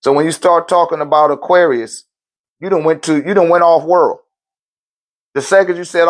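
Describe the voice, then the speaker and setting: A man's voice: a little high, moderate pace, pauses often. A man teaching on a live-stream Q&A in loose, slangy talk, often checking in with his listeners. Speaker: spiritual teacher answering viewer questions.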